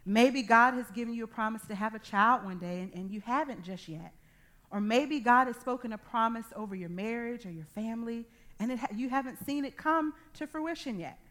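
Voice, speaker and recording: A woman in her thirties or forties preaching a sermon, telling a personal testimony with animated, acted-out dialogue. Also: on the high side, fairly quick. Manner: animated storytelling, acting out dialogue.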